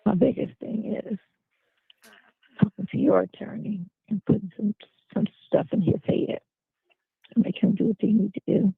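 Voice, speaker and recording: A man with a high, heavily raspy voice speaks on a recorded phone call. He talks in a chiding, teasing way. The sound is tinny and phone-like, and the voice is very dry. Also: fairly even intonation, dry recording. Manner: chiding, fast-talking, teasing.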